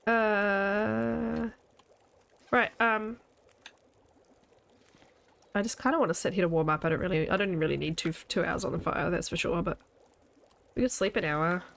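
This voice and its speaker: A woman's voice: medium pitch, fairly even intonation, unhurried, gravelly, long pauses, a bit bright. A woman game streamer chatting casually with her viewers as she plays, playful and laughing often. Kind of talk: casual chat while playing a video game.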